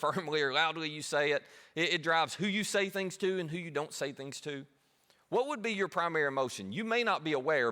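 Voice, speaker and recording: A man's voice: a little high, sharp tone. A man preaching a sermon as pastor, talking conversationally and poking fun at himself. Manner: conversational, self-deprecating.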